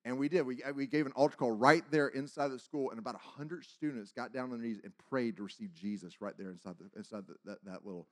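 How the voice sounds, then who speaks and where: A man preaching a testimony as a sermon, telling his story with acted-out dialogue and big swings between loud and hushed. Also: mid-range voice, fast talker, few pauses.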